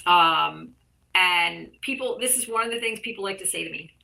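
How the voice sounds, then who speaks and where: A woman's voice: fairly low pitch, expressive, moderate pace, creaky, sharp tone, rough recording. A middle-aged woman talking in a casual interview, blunt, profane and heated as she argues her views. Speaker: artist and activist guest.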